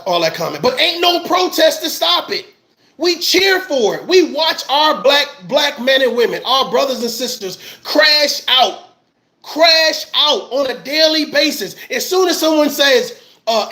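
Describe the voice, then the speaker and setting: A man's voice: very high voice, sharp tone. A man, an army veteran, giving heated livestream commentary, ranting with passion and repeating his phrases.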